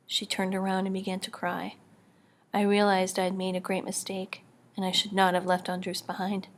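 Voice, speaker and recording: A woman narrating an audiobook in the first person, quiet and measured, often near a whisper. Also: medium pitch, monotone, slight background noise. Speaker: audiobook reader.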